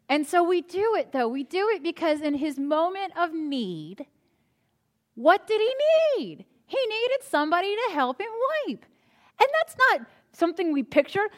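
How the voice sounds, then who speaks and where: A woman's voice: high-pitched, a bit bright. A woman pastor preaching a sermon in a conversational style, telling humorous personal stories.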